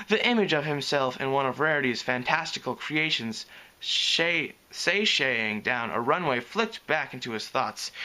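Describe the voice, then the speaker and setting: Man, story reader, lively pitch, bright tone, fixes slips. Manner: lively reading, fixing slips as he goes. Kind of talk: reading fan fiction aloud.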